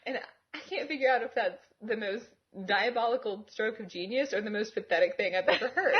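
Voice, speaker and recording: A woman's voice: fairly high pitch, fairly quick. Laughing woman, dull lo-fi audio. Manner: laughs often, swears freely. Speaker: podcast co-host. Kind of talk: casual chat. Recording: dull lo-fi recording.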